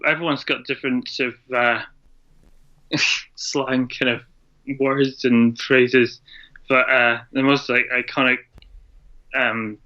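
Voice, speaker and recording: Brief: Scottish-born male guest on a video call, bright flat delivery, muffled lo-fi audio. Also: mid-range voice. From Scotland. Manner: rambling, hesitant, laughs often. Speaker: podcast guest, drummer. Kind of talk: casual interview chat. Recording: dull lo-fi internet call audio.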